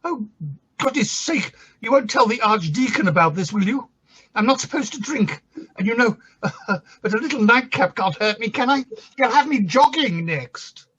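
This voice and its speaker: A husky, high, lively voice belongs to a tipsy, camp bishop who fusses and drops into scripture, as an actor plays him. The recording is dull and lo-fi. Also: male voice, normal speed, full character voice. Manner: fussy, camp, quoting scripture. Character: tipsy, flirtatious middle-aged bishop. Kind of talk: comic stage play reading.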